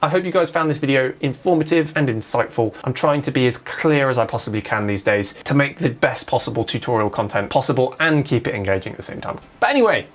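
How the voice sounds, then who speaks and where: A man hosting his own video editing tutorial, walking through software steps in a casual way, with light self-mocking asides. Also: medium pitch, animated, fast, few pauses. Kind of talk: screen-recorded software tutorial.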